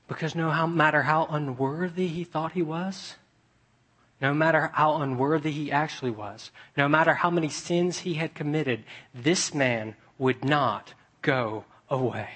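A young man preaching a sermon, telling stories in a chatty way and dropping to a hush for emphasis. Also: on the high side, measured pace, breathy edge. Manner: conversational storytelling with dramatic hushed drops.

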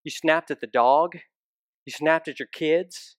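A male pastor delivering a sermon in a relaxed, conversational way, often turning to the congregation with direct questions. His voice sits a little higher than most men's, and the sound is dry and close, with little room echo. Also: unhurried.

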